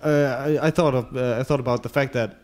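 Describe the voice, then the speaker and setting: A man's voice: mid-range voice, fairly even intonation, brisk, darkish tone. A man interviewing a guest in English, hesitant with many filler sounds. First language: Danish.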